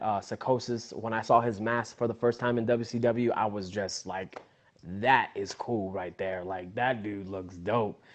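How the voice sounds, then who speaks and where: A young adult man, a wrestler, telling a story in a casual interview and acting out the voices in it. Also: fairly low pitch. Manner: animated storyteller, acts out his own voice and others in quotes. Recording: dull lo-fi sound.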